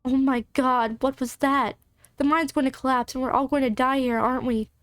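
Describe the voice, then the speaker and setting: Woman reading a nervous young woman in a game, high voice, worried and jumpy. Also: steady tone, normal speed, no room sound, studio quality, lightly acted. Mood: panicky. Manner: jittery and worried.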